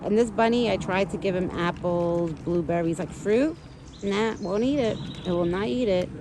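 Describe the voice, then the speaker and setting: A woman's voice: medium pitch, normal speed, background noise. A woman filming herself outdoors on a phone, chatting casually and cooing at the animals she feeds. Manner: coos sweetly at animals in a raised baby-talk voice. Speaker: vlogger feeding wild animals. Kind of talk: casual chat. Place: outdoors in a yard by woods.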